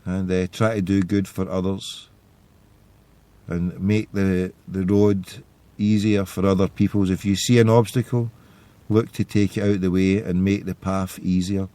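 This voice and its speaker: A man's voice: low voice, flat delivery, unhurried, dark tone. A man, hosting a podcast and telling stories in a loose, rambling monologue. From Scotland. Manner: rambling storytelling. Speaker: podcast host. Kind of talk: casual monologue.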